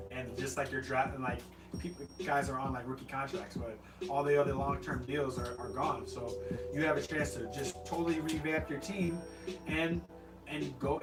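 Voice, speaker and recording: A man's voice: on the high side, far from the mic. A man co-hosting a casual sports podcast, rambling through his analysis with many restarts and repeated words. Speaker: podcast co-host. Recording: roomy, off-mic, loud game music.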